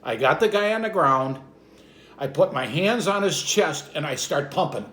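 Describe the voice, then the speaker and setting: Middle-aged man, raised pitch, animated storyteller; echoey room, faint room hum. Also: moderate pace. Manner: animated, acts out shouts and quotes with big pitch jumps. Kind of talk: personal anecdote told to camera.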